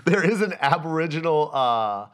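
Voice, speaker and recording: A man's voice: a little high, big pitch swings, a little slow, fairly bright tone. A middle-aged man, a guest comedian, telling loose stories in casual podcast chat, laughing and swearing freely.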